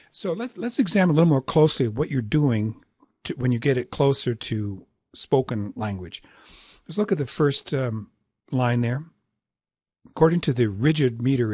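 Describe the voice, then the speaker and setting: Husky-voiced male lecturer chanting meter. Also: mid-range voice, moderate pace, dry recording, studio quality. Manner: recites verse lines aloud, chanting rhythm syllables; relaxed, conversational asides with fillers. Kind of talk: university lecture on poetic meter.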